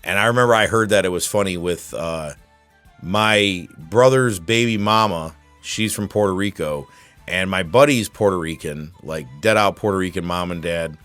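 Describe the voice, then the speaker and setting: Male podcast host, low voice, dry close sound, rambling casual monologue, faint music underneath. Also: normal speed, fairly bright tone, no room sound. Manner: rambling storyteller with many restarts and fillers.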